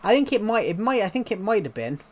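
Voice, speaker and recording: This young gaming streamer sits high in pitch, swings it widely and talks fast. His commentary rambles as he plays, aimed partly at himself and partly at chat.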